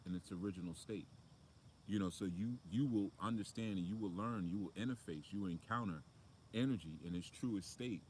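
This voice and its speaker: A man with a low voice gives a casual spiritual talk outdoors. He preaches in a loose, conversational way, full of fillers and asides, with faint outdoor ambience around him. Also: slight background noise. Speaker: spiritual motivational speaker.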